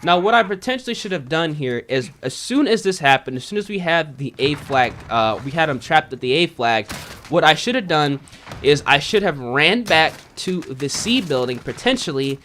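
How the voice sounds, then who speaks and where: A man's voice: on the high side, animated, normal speed, a bit bright, slight background noise. A man giving casual, self-critical commentary over his own gameplay, often saying "man" and "you know.". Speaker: gaming video creator.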